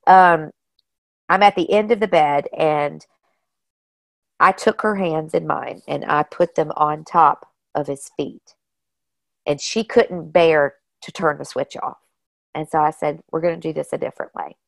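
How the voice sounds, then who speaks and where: A woman guest telling personal stories in a casual, animated way, often saying "you know" and "like". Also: low voice, slow pace, vocal fry, pauses often, no room sound. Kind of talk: casual storytelling.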